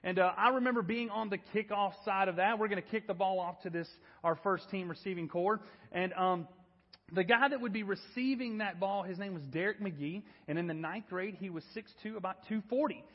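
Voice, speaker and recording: A man in his thirties preaches a sermon in a high, husky voice, telling stories in an animated and self-deprecating way. His voice carries the long reverb of a church hall, and the recording sounds dull and muffled. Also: brisk. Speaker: pastor. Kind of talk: sermon with storytelling.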